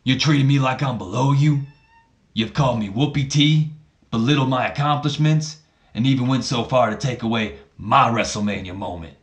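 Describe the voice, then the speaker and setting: A man doing a put-on voice of an angry wrestler with rough street trash talk. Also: mid-range voice, moderate pace, natural voice. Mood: bitter.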